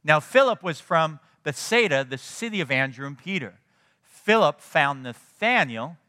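A man preaching a sermon in a conversational, animated way, often checking in with his listeners. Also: a little high, unhurried, long reverb tail. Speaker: pastor.

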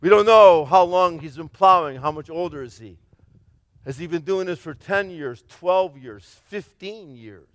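A man preaching with a high voice in a dry, close sound. He retells a parable dramatically, shouting one moment and dropping almost to a whisper the next. He acts out the characters in his own voice. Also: unhurried, no room sound. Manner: dramatic, swings from loud shouts to near-whispers. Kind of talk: sermon.

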